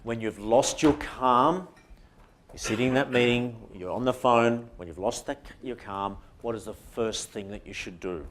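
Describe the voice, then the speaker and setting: A man's voice: medium pitch, normal speed, fairly bright tone, slight background noise. A man with an Australian accent giving an interactive workshop presentation to a conference audience, often putting questions to the room.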